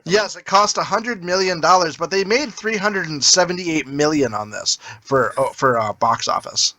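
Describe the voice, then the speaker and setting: A man on a movie podcast enthusiastically lists facts and praise for a film. His voice is fairly high, bright and lively, recorded dry and close. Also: moderate pace, no echo. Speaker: podcast co-host. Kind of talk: casual movie review chat.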